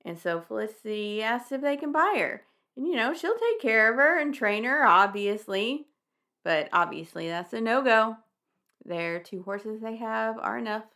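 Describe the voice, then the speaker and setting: Brief: young woman podcast host, gravelly fry, wry and laughing, casual swearing, chatty book recap. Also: a little high, animated, normal speed, sharp tone.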